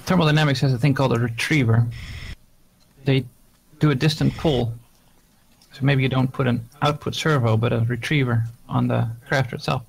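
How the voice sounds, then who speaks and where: A man's voice: medium pitch, fairly even intonation, moderate pace, vocal fry, low-quality recording. A man co-playing a video game, chatting casually with short suggestions and dry quips. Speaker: co-player. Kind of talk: casual gameplay chat.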